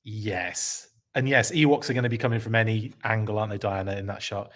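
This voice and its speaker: A man's voice: fairly low pitch, racing, a bit bright. A man hosting a live podcast stream, reacting with enthusiasm, rambling and correcting himself as he reads out chat comments.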